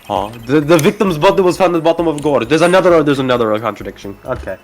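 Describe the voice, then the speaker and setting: Animated, excitable man playing a game. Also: on the high side, fast, soft background music. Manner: excitable, jokey, exclamatory. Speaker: game player. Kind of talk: casual let's-play banter while reading game text.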